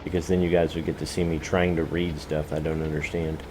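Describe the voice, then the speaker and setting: A man with a low, deep voice talks to viewers while streaming a farming game. He rambles loosely and jokes at his own expense. Fillers like "you know" keep cropping up, and a faint hiss sits under his words. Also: level tone, brisk, darkish tone, rough recording. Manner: joking, self-mocking, many "you know" fillers. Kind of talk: rambling live-stream chat. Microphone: desk microphone, no camera.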